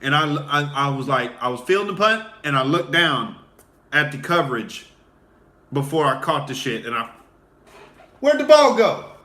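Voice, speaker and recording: A man in his late twenties or thirties, a comedian hosting a livestream, telling crude, animated stand-up stories. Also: medium pitch, moderate pace. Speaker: comedian, show host. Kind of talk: loose stand-up storytelling on a livestream.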